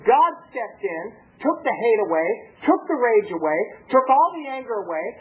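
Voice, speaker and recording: High-voiced man telling his story. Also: normal speed. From Southern California. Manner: animated storytelling, acting out quoted voices. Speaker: speaker at a recovery meeting. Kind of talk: personal testimony. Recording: tinny lo-fi tape with faint hiss.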